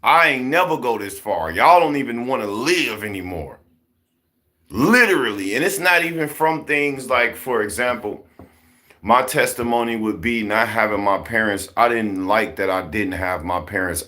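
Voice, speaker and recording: A man, giving casual, preachy commentary, repeating himself and firing rhetorical questions. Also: medium pitch. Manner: animated, repetitive, rhetorical questions. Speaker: commentary vlogger.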